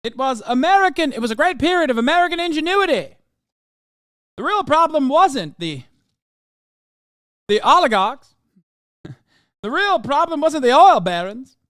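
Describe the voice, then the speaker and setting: A man putting on a pompous, old-fashioned American gentleman with a transatlantic accent. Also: very high-pitched, big pitch swings, normal speed, long pauses, dry recording, clean studio sound, voice pushed up, heavily acted. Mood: grandiose. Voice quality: grandiose, lofty, theatrical.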